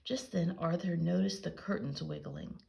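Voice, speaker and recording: A woman reading a children's picture book aloud in a gentle storytelling way. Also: on the low side, normal speed, creaky. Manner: gentle storytelling with lively dialogue voices. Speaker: reader.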